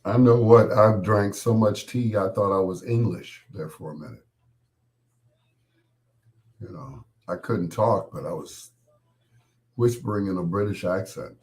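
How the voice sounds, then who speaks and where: A man's voice: fairly low pitch, a little slow, long pauses, darkish tone. A middle-aged man, still getting his voice back after being sick, chats casually and jokingly with viewers on his live stream as host. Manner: rambling, joking, talks straight to viewers. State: recovering from losing his voice.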